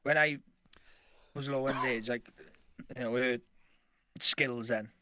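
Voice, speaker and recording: A man's voice: mid-range voice, fairly even intonation, slow pace, sharp tone, slight background noise. A man co-hosting a podcast in casual chat, rambling and swearing, often laughing. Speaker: podcast co-host.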